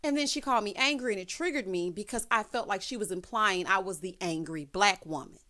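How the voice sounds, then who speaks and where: Sassy lady doing a reality tv recap, calls everyone honey, mid-pitched voice. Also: fairly quick, pushed and bright. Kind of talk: casual recap commentary.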